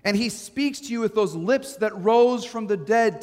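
A man preaching a sermon as pastor, swinging from loud to hushed. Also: high voice, animated, a little slow. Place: church sanctuary. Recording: long church reverb.

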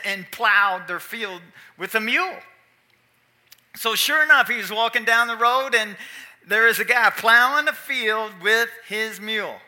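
A man's voice: high-pitched, bright, forceful tone. A man, preaching and telling a story in a folksy, chatty way, with asides to the audience. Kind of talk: sermon storytelling.

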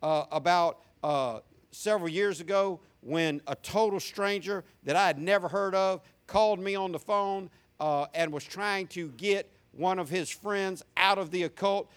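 High-voiced pastor preaching. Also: male voice, unhurried, smooth. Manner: preaching with rising intensity and emphatic repetition. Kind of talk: sermon.

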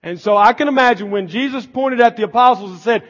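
A man preaching a sermon as pastor, building to shouted emphasis. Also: high-pitched, fast talker, few pauses. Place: church sanctuary. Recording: long church reverb, dull lo-fi sound.

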